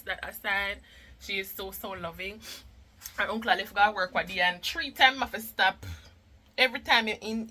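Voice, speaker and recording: A woman's voice: medium pitch, sharp tone, poor audio. A Jamaican woman and mother chatting casually in a vlog, emotional and talkative, mixing patois with English. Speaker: mother and vlogger.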